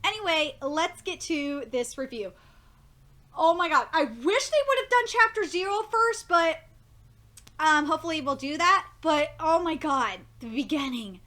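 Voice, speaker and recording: Very high-pitched, gushing woman reviewer. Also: a little slow. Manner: gushing and excitable, swears, laughs often; rambling with many fillers and restarts. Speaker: anime reviewer. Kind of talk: casual anime review monologue.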